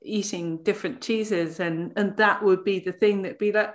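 A woman's voice: medium pitch, steady tone, normal speed. A woman hosting an interview podcast, talking in a reflective, thoughtful way. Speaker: podcast host. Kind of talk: casual conversational interview.

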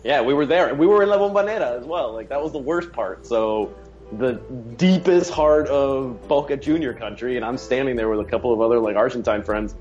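A man telling a story in an excited, rambling way in a casual chat. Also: medium pitch, fairly quick, highs cut off, soft background music.

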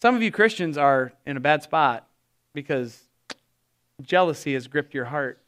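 High bright-voiced male preacher. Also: moderate pace, smooth. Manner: animated, acts out quoted voices. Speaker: pastor. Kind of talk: sermon.

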